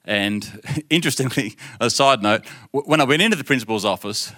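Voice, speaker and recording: A man's voice: medium pitch, very animated, brisk, sharp tone. A middle-aged man preaching in a casual storytelling style. He acts out the voices of the people in his story and laughs often. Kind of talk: storytelling sermon.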